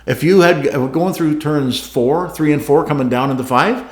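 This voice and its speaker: A man co-hosting a podcast, telling a racing story in a casual, animated way, acting out radio calls and laughing often. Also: on the high side, moderate pace. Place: garage studio. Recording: roomy echo.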